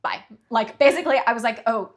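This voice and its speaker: Animated young woman telling a story. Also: medium pitch, normal speed. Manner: animated, acts out quoted voices, swears casually. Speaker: podcast co-host. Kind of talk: casual storytelling chat.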